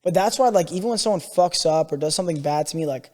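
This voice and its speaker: Fast-talking high-voiced podcast host. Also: male voice, long reverb tail. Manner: animated storyteller, swears freely. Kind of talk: casual podcast chat.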